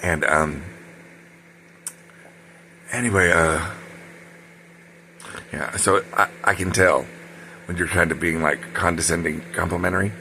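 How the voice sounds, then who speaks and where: A man's voice: deep voice, steady tone, a little slow, creaky, long pauses, sharp tone, slight background noise. An older man telling a rambling personal story, wandering off on side tracks with many ums and self-corrections.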